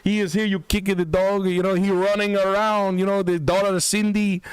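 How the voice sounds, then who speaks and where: A raised, excitable voice of a Puerto Rican real-estate hustler, put on by a man with a thick put-on Puerto Rican Spanish accent. He hops between Spanish and broken English, hyping everything. The sound is dry and close. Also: high voice, normal speed, smooth, no room sound, pitched above the performer's own voice, close to an everyday voice. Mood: hyped.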